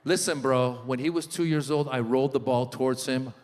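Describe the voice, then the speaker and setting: A middle-aged man performing a stand-up comedy set, telling animated stories and shouting in character voices. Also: medium pitch, brisk, slight background noise. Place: large live venue. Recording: live hall with long reverb.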